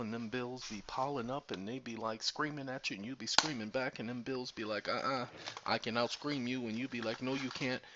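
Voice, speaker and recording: A man's voice: mid-range voice, pushed and bright, highs cut off, a little hiss or hum. Playful preachy man on a headset mic. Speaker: channel host. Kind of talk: casual talk to camera while making hot chocolate.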